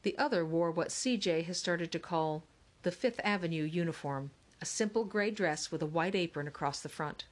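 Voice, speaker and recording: A woman's voice: on the low side, moderate pace. Woman narrating a children's novel. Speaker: audiobook narrator.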